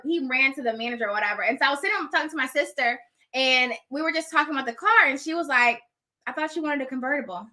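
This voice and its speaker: A woman telling a personal story in casual style, animated, laughing often and acting out the dialogue. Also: high-pitched. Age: adult with children.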